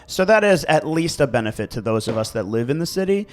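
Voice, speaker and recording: A man with a Baltimore accent co-hosting a casual podcast chat, animated and quick to act out voices. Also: medium pitch. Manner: animated, acts out dog voices. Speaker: podcast co-host.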